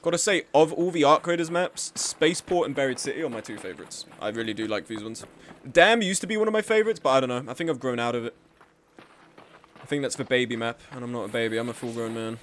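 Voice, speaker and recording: A man's voice: mid-range voice, fast, a little hiss or hum. A man live-streaming a game, chatting casually with his chat in a sweary, self-deprecating way.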